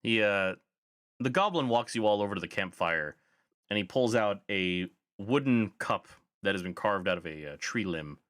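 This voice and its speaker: A man's voice: on the low side, expressive, normal speed, a bit bright, no echo, studio quality. A man narrating a tabletop game as game master, describing scenes with frequent fillers.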